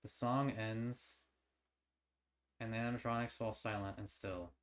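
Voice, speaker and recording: On a livestream, a man with a lowish voice reads an interactive horror novel aloud, a little slowly. He sometimes stumbles and restarts over words, then breaks off to theorize excitedly.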